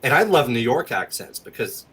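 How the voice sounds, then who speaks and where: A man in a casual chat, animated and joking, with some swearing. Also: medium pitch, moderate pace, husky.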